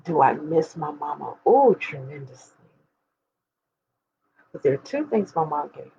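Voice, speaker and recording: A woman's voice: deep voice, sing-song, measured pace, creaky, dark tone, dull audio, slight background noise. A woman of forty talking candidly and emphatically to her viewers, speaking straight to them like a preacher. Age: 40s. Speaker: host. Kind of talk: candid personal talk to viewers.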